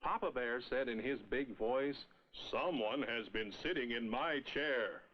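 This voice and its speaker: A man narrating a children's fairy tale in a film clip with a deliberate storyteller delivery. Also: mid-range voice, muffled recording, lightly acted. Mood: storytelling. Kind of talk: storybook read-aloud narration.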